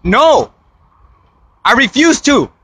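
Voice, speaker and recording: Frightened crying man pleading, high and tense. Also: very animated, takes it slowly, slightly rough, no echo. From United States. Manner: insistent, repetitive, pleading, shouting at times. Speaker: citizen confronted by police. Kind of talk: pleading confrontation.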